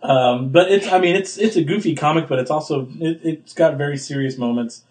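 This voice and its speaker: A young man co-hosts a casual podcast, chatting in a brisk, darkish voice. He rambles with lots of fillers and acts out quotes with big jumps in pitch.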